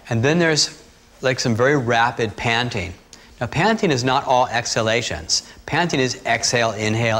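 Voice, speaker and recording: A man teaching breathing techniques, talking calmly and steadily through guided instructions. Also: mid-range voice. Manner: calm, steady instructional talk with asides.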